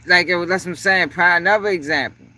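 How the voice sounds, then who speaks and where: Fast-talking and high-pitched, a man hosts a livestream in a pushed, bright voice. His casual patter is profane and full of "yo," and he keeps cutting away to greet viewers in the chat.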